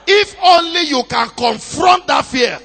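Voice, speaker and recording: A man's voice: extremely high pitch, animated, unhurried, vocal fry, pushed and bright, soft background music. A man preaching a sermon, telling a story dramatically and calling out to the congregation for responses. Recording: long reverb of a large hall.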